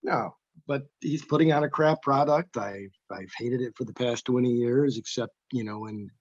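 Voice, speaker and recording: A man's voice: mid-range voice, normal speed, darkish tone, no room sound. A man in casual podcast chat as a guest author, blunt and sardonic, making self-mocking jokes. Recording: dull dry remote line.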